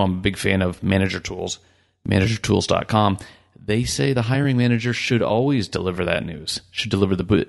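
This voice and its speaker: Low gravelly male podcast host. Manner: blunt, ranting, frank. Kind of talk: casual opinion podcast talk.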